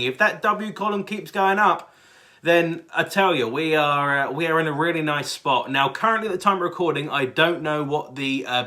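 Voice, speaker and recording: Excitable British man reacting to football. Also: on the high side. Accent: British English. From England. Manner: excitable, rambling with many fillers and restarts. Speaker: sports fan channel host. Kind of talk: casual fan reaction.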